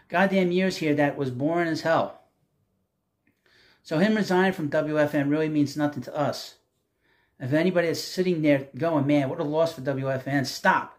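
A man hosting his own sports talk show, reading news items and ranting about them bluntly, with some profanity. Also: on the high side.

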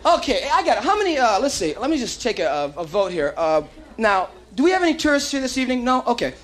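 A high, lively-voiced man doing stand-up with a Hawaiian Pidgin accent, swinging his pitch around as he teases the crowd. A live club recording off vinyl, with an audience laughing and a steady hiss. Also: fast. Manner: animated, playful crowd work with put-on voices. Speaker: stand-up comedian. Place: comedy club stage.

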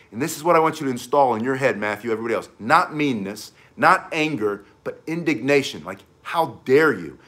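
A man's voice: mid-range voice, a bit bright. A man teaching cane self-defense, talking intensely while he demonstrates the moves. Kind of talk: demonstration lesson.

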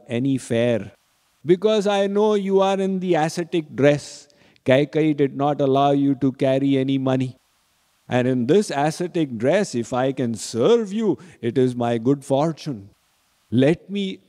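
Humble bargaining boatman, shrewd and devout, slow-spoken, mellow tone, long hall echo; narrator puts him on. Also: fairly high pitch. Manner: slow, pleading, playfully bargaining. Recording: reverberant hall.

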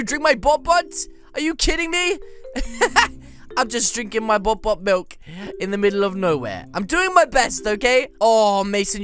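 An excitable woman commenting on a game in a high voice that leaps all over. She slips into playful mock trash talk as she plays. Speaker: gaming YouTuber.

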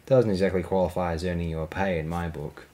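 Guy doing a grumpy old ship captain, growly, sneering, loud bursts. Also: low voice, flat delivery, brisk, close to an everyday voice. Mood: contemptuous. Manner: growling, contemptuous. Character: grumpy aging male frigate captain.

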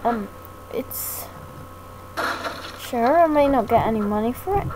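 Brief: woman gaming creator, slow and halting, self-deprecating, noisy homemade mic. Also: a little high, lively intonation. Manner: slow, hesitant, self-deprecating rambling with many restarts. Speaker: gaming YouTuber. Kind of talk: rambling thank-you talk over gameplay. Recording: noisy home mic recording.

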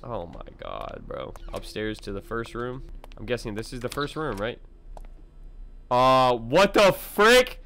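A young man doing gaming commentary to his chat, loud, excitable, slangy and quick to laugh. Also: on the low side, vocal fry. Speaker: gaming YouTuber. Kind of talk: let's-play commentary.

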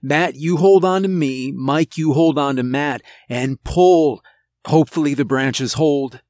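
A man's voice: a little high, a little slow, darkish tone, no room sound, clean studio sound, natural voice. A man playing a bossy kid leader, urgent, commanding, horror storytelling. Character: bossy, take-charge boy, group leader.

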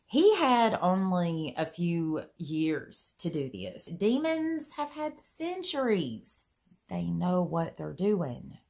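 Chatty, earnest woman with a lowish voice. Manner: chatty, earnest, pitch swings high when excited; many "you know" fillers, folksy grammar. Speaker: vlogger. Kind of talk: casual personal storytelling.

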